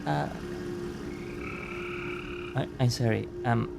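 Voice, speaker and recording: A man streaming a game gives a loose running commentary, cracking jokes and often apologizing. His pitch sits in a middle range, and game music plays clearly behind him. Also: flat delivery, very slow. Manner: chatty, joking, apologetic. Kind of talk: casual gameplay commentary.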